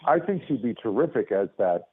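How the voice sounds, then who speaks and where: A man, a lawyer and comedian, telling animated stories as a guest on a phone call, acting out other people's voices. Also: mid-range voice, normal speed, husky. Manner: lively, acts out voices, restarts often. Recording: tinny phone line.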